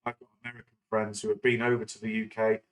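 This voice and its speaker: A man's voice: fairly low pitch, completely flat delivery, quick pace, soft background music, rough recording. A middle-aged man from England, chatting casually on a live stream and rambling with many fillers and restarts. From northern England. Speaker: stock market livestream host.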